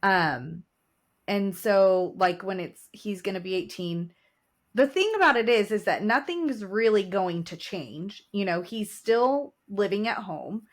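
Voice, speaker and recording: A woman in her forties co-hosting a relaxed podcast chat. She talks casually and tells stories with laughter and emotion. Her voice sits in a middle pitch. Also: measured pace. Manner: chatty, laughing, emotional storyteller. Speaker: podcast co-host.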